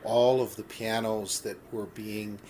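A man in his sixties from Canada, a pianist telling stories casually in an interview, halting and full of fillers. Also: fairly low pitch, level tone, mellow. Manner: halting, many fillers and restarts. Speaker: pianist, part of a duo.

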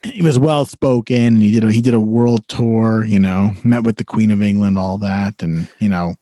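A man's voice: on the low side, fairly even intonation, normal speed, dark tone, no echo. Chatty rambling man, dry close mic. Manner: chatty, rambling, frequent fillers and restarts. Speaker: podcast co-host. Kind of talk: casual chat.

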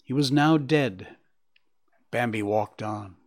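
A man narrating a storybook in an expressive, measured way. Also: medium pitch.

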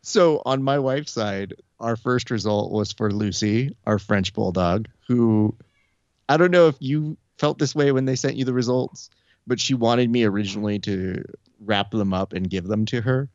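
A low-pitched young man chats casually, telling a story. He acts out the quoted lines with lively shifts in pitch. His voice sounds dry and slightly dull, as if recorded on a modest mic. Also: moderate pace, dry recording. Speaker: podcast host. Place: Burbank area.

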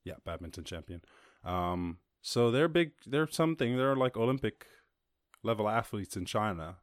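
A man hosting a casual podcast, ranting about the news in a profane, animated way, full of laughs and asides. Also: lowish voice, moderate pace, no echo, studio quality. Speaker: podcast host.

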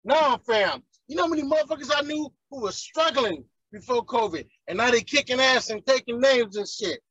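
A man's voice: very high-pitched, animated, normal speed, fairly bright tone, husky, no room sound, highs cut off. A man, ranting heatedly and profanely in casual chat as a podcast co-host.

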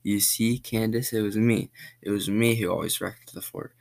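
A man's voice: fairly low pitch, steady tone, normal speed, creaky, darkish tone. A man voicing a smug boy who is secretly a murderer and laughs as he gloats. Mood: gloating.

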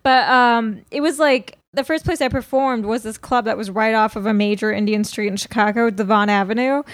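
A woman's voice: fairly high pitch, fairly quick, no room sound. A woman from Illinois with a Midwestern accent, a comedian guest telling candid stories with laughs. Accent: Midwestern American. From Illinois, USA. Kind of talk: casual chat.

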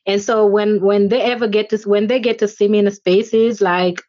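A woman's voice: medium pitch, fairly even intonation, normal speed, darkish tone, dry recording. Woman, 40s, thoughtful interview guest, dry close sound. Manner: earnest, reflective, with frequent fillers. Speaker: organization chair, interview guest. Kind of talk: conversational interview answers. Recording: slightly dull lo-fi audio.

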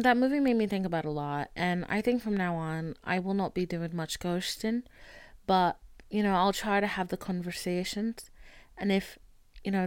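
A woman's voice: medium pitch, clean tone, no echo. A woman in her twenties hosting a podcast in casual chat, chatty, full of "like" and casual swearing, into a studio mic. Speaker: podcast host.

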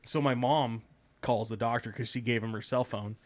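A man on a casual podcast telling a long story, animated and swearing, laughing as he acts out the people in it. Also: mid-range voice, normal speed. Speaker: podcast host.

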